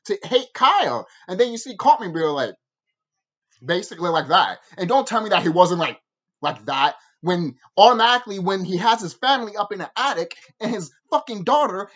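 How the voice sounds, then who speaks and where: A man's voice: sits high, highs cut off. A man giving a casual, rambling video review, talking with heavy swearing and frequent laughter. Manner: animated, profane, laughs often.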